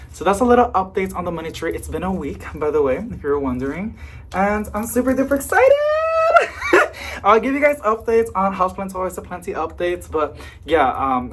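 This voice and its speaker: A young adult plant vlogger at home, chatting casually and rambling, with sudden excited squeals. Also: mid-range voice, slightly rough. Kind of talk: casual vlog chat. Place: home among houseplants.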